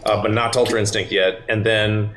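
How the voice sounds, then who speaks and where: A man playing a tabletop game as a guest, animated, laughing and thinking aloud. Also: on the low side, a little fast. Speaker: guest player. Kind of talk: casual tabletop play. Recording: echoey room with crowd noise.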